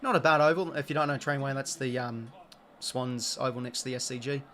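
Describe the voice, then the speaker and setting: Brisk and sharp-toned, a young Australian man with a medium-pitched, fairly even voice hosts a live sports watch-along. He keeps the chat casual while reacting to the play.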